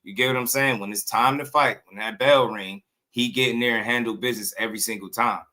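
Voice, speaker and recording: A man's voice: medium pitch, steady tone, fast talker, pushed and bright. A man hosting a boxing channel, talking in loose, slangy commentary and often breaking into laughter.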